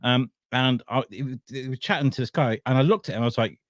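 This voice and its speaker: A man's voice: mid-range voice, fast, no echo, clean studio sound. Sweary rambling man host. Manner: rambling, sweary, laughs a lot. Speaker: podcast host. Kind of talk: casual chat.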